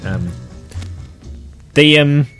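A man presenting a casual radio chat show, retelling a children's story with many pauses and restarts. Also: a little high, animated, fairly bright tone, faint music behind. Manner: hesitant, many ums and restarts.

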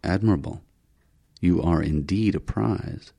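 A man voicing a polite but menacing male alien leader in a science fiction audiobook, speaking with smooth courtesy. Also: sits low, measured pace, mellow, no room sound, exaggerated voice.

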